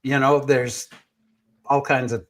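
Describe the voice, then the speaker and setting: A man's voice: mid-range voice, little pitch movement, slow pace, slight background noise. A man hosting a casual panel podcast, teasing and playfully opinionated. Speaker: podcast host.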